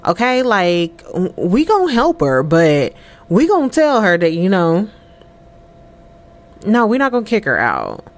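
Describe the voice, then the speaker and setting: A woman giving chatty, animated let's-play commentary over a life-sim game, laughing often. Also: medium pitch, a little slow. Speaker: gameplay commentator.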